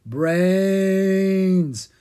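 A reader voicing a clever, brisk young female dragon in a children's storybook. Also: medium pitch, dark tone, voice pushed up. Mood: zombie groaning.

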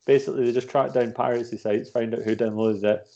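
A man telling animated anecdotes in casual chat and swearing freely. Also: mid-range voice, fast talker. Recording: dull lo-fi sound.

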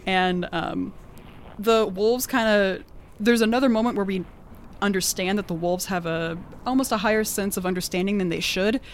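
A woman with an accent casually recapping a tabletop game session, animated and laughing often, peppering her talk with "like". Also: medium pitch, normal speed, a little hiss or hum. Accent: non-standard accent of her own. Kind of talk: casual storytelling chat.

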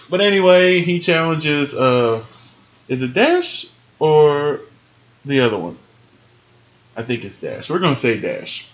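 A man giving a sassy, animated casual recap of a wrestling show, laughing often and jumping into high squeals. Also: slow pace, long pauses, highs cut off.

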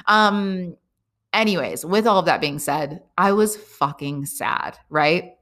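A woman's voice: on the low side, slow, a bit bright. A young woman hosting a podcast, talking candidly in a casual, rambling way, full of fillers and swearing. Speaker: podcast host. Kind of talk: casual personal monologue. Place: lives abroad, talking to listeners.

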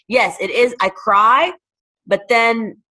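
A woman from Toronto who runs a charity, talking casually in an interview, animated and full of fillers. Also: a little high, slow. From Toronto, Canada. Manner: animated, fillers of "like", acts out quotes. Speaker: charity founder.

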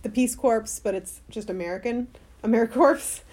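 A young woman co-hosting a podcast tells a story in casual conversation, rambling and using lots of fillers. Her voice is a little high and darkish in tone, at normal speed.

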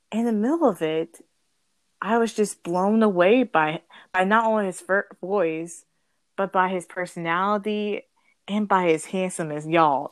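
A woman's voice: lowish voice, no room sound. A young woman telling a story in a bubbly, rambling way, often correcting herself and giggling. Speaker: guest storyteller. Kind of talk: casual storytelling.

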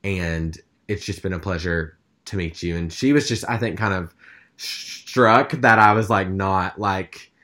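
A man's voice: sits low, a little slow, sharp tone. A man telling a story in casual chat, rambling with lots of fillers. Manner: rambling, chatty, with many fillers.

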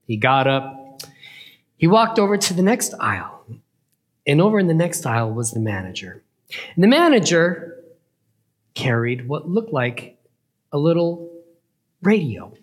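A man telling a playful story as a children's Bible lesson, with a lively, chuckling delivery. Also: on the high side, a little slow, pauses often.

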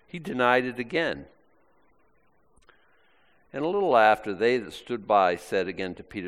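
A man's voice: medium pitch, moderate pace, long pauses, a bit bright. A man preaching a sermon, acting out quoted lines in shifting voices. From Maine, US. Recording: long hall reverb.

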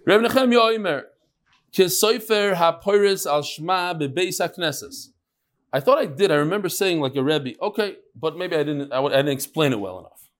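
A middle-aged man teaching a daily Talmud class with lively storytelling and quick asides. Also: on the high side. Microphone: on Zoom.

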